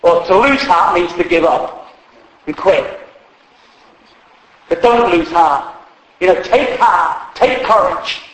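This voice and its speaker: High-voiced preacher in an echoey hall. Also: male voice, expressive, slow, pauses often, a bit bright. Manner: humorous, conversational preaching with acted quotes. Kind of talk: sermon.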